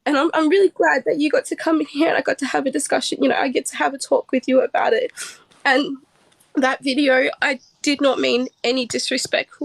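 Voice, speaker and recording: Earnest high-voiced woman. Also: little pitch movement, gravelly, no echo, poor audio. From Australia. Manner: earnest, heartfelt, halting. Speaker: livestream guest. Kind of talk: emotional livestream talk. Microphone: phone on a livestream.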